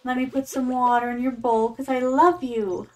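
A woman streams a farming game as a VTuber, giving chatty, casual commentary, using Japanese words, and calling viewers "my darlings." Her voice sits high with a level tone and a moderate pace.

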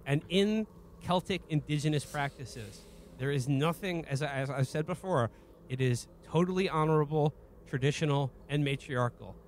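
Man, fairly high voice, mock-sincere comic riffing, halting, faint hum. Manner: halting, mock-earnest, full of restarts. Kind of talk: deadpan comedic riffing.

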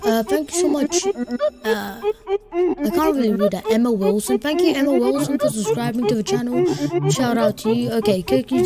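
A woman's voice: a little high, normal speed, loud music behind the voice. A woman streaming a game live, chatting casually, greeting and thanking viewers and muttering to herself as she plays. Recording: clear steady background noise.

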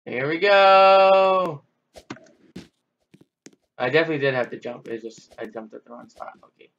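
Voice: medium pitch, racing, gravelly, a bit bright, dull audio. A gamer giving playful, chatty commentary on a game, squealing and exclaiming while playing. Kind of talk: gameplay commentary.

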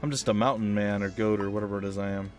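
A man's voice: on the low side, fairly even intonation, racing, soft background music. A man hosting a casual let's play, joking around and reading game dialogue aloud. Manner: playful, jokey, drops into silly voices.

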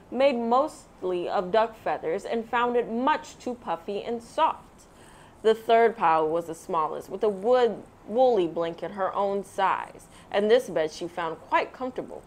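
A woman reading a children's picture book aloud, with expressive storytelling, then sharing her thoughts. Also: mid-range voice, slight background noise. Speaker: read-aloud host.

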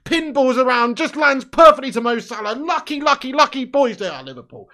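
High-voiced fan, sweary and bitter, live watchalong commentary. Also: lively intonation, fairly quick, pushed and bright. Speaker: football fan streamer.

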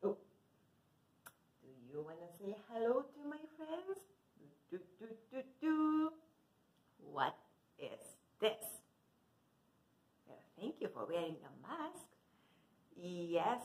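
A woman children's librarian hosting a virtual story time, talking in a slow, sing-song way for young children. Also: medium pitch, big pitch swings, darkish tone. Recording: echoey room.

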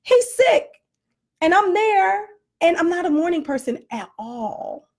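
High-voiced woman ranting with laughs. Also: measured pace. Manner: animated, self-deprecating, laughs often. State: flushed and winded from workout. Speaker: vlogger. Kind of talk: casual comedic rant to camera.

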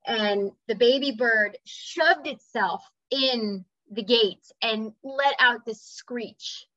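A spiritual speaker tells a personal story in a casual, earnest way, sometimes acting out voices and bird sounds. Her voice is a little high and sharp, and she goes slowly; the dry recording sounds slightly dull.

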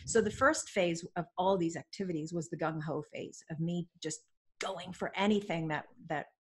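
Canadian-raised woman guest, low husky voice, lively self-mocking anecdotes, casual interview. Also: normal speed. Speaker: podcast guest, business coach.

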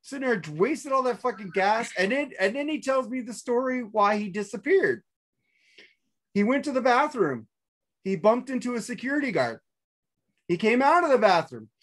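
A man's voice: very high voice, lively intonation, moderate pace, fairly bright tone. A man co-hosting a casual podcast, rambling through a story, cursing freely and restarting his sentences. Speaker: podcast co-host. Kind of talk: casual chat.

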